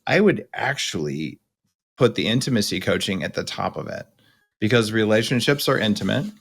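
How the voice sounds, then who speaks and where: Male podcast host, low-pitched, blunt, emphatic coaching talk. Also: expressive, moderate pace, vocal fry, a bit bright, slightly rough. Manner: blunt, emphatic explainer with casual slang. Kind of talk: coaching conversation.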